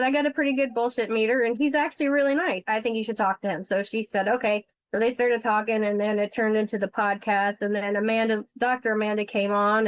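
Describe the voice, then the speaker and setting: In a low-quality recording without room sound, a woman with a medium-pitched voice recounts her work investigating insurance fraud on a podcast. She's blunt and emotional and swears without hesitation.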